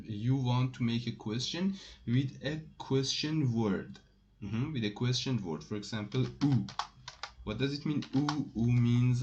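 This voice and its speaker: A man teaching a casual online language lesson, speaking slowly and haltingly with many fillers and restarts. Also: mid-range voice, darkish tone, lo-fi sound, slight background noise. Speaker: French teacher.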